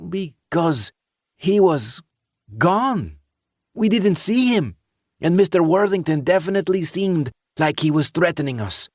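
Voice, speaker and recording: A man voicing an earnest, insistent teenage boy, raising his voice high and urgent. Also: sing-song, a little slow, no room sound, studio quality. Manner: raised, high, urgent delivery.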